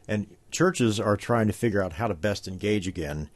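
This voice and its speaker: A man's voice: fairly low pitch, moderate pace. A man co-hosting a talk show, reading promos and setting up topics in a friendly announcer manner. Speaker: co-host.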